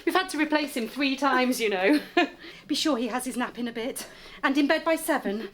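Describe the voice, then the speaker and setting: A woman's voice: high-pitched, lively intonation, normal speed. An actress playing a chatty, fussy mother who giggles as she gives instructions in a children's TV show. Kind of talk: children's TV acting. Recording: music playing underneath.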